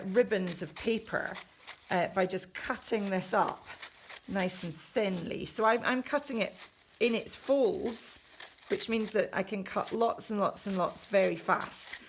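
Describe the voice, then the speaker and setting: A children's book author at home leads kids through a craft, chatting and joking as she narrates each step while working. Her voice is medium-pitched, with slight background noise.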